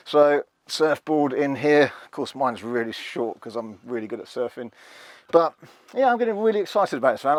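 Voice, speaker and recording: Bloke showing off a van, wry and jokey, ordinary mid voice. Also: male voice, mid-range voice, dry recording. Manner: chatty, wry, self-mocking. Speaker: van reviewer. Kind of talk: casual hands-on vlog demo. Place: inside a passenger van.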